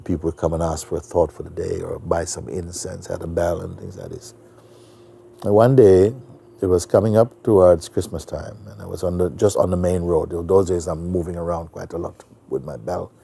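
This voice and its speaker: A man who is a spiritual teacher, telling a story in a soft-spoken, relaxed way with many fillers. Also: low-pitched, normal speed, vocal fry, husky. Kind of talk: storytelling talk.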